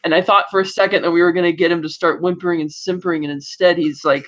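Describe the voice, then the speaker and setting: On a dull, lo-fi recording, a woman co-hosting a podcast goes through a TV episode in a casual recap, acting out scene dialogue. Her voice sits on the low side but has a fairly bright tone, steady and fast.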